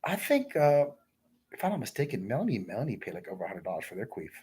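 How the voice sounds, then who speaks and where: A man with a husky, breathy voice rambles through crude, repetitive stories on a livestream. His pitch swings widely up and down as he talks. He breaks off to read viewer comments aloud. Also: wildly swooping pitch, fast talker, mellow.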